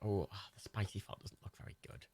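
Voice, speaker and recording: A man hosting a livestream gives joking, swearing running commentary as he watches a film, full of chatty asides. His voice is lowish, mellow and husky, and he talks fairly quickly.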